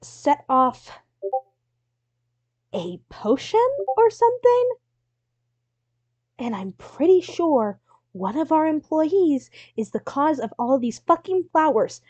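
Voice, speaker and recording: A frazzled science-facility boss, voiced by a woman, swings from shrill panicked outbursts to low quiet threats. Her voice sits fairly high. The sound is dry and a little dull, like a lo-fi home mic. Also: big pitch swings, slow pace, pauses often, no room sound, full character voice. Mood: frantic. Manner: shrill frantic outbursts turning to low menace.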